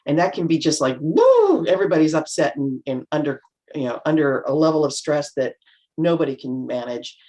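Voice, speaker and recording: A middle-aged woman on a video call, chatting reflectively as a panel guest and acting out remarks in lively voices. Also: low voice, fairly quick. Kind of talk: casual chat.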